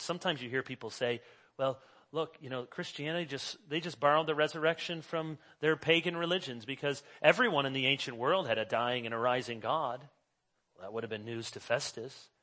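Forceful, animated male preacher. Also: medium pitch, fairly quick. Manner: animated preaching, swinging from hushed to loud emphasis. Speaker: pastor. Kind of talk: sermon.

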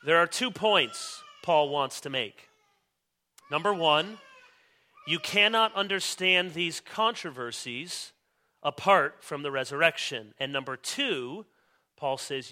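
A man preaching an expository sermon as pastor, reading scripture aloud and stressing key words with emphatic, slowed delivery. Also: on the high side, expressive, sharp tone. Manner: reads scripture aloud with rising intensity.

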